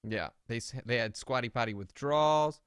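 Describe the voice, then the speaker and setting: Recorded at studio quality with no room sound, the man speaks at a normal pace in a medium pitch with a clean tone. As a podcast co-host in casual chat, he's an animated, outraged storyteller who acts out what others said.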